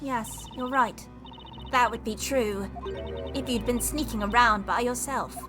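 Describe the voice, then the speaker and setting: A woman's voice: fairly high pitch, a little slow, close to an everyday voice. A woman voicing an earnest young girl with solemn, old-fashioned phrasing in a game playthrough. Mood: accusing. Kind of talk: voicing game dialogue while streaming. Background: game music.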